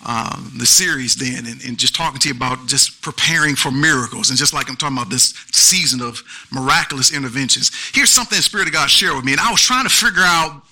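A pastor preaching an animated sermon with features, calling out to the congregation. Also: male voice, mid-range voice, fast talker, hardly any pauses, rough recording. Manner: animated preaching with call-and-response asides.

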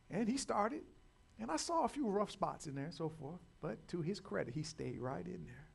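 A man preaching a sermon, repeating words and building to loud calls to his listeners. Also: high-pitched, big pitch swings, moderate pace, creaky, slightly rough. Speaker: pastor.

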